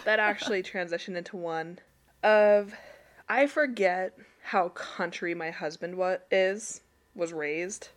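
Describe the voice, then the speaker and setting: A woman's voice: on the low side, slow. Laughing woman telling stories. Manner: laughing, storytelling, acts out quotes. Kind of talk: casual chat.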